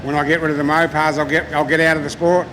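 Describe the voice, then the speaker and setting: A laid-back Australian race driver giving a casual trackside interview, with frequent hesitations. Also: male voice, fairly high pitch, flat delivery, fast, a bit bright, a little hiss or hum, poor audio.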